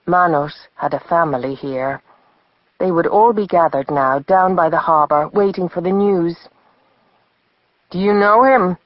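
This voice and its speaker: A woman narrating a novel as an audiobook in a measured storytelling manner. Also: on the low side, dry recording, highs cut off. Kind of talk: scripted narration.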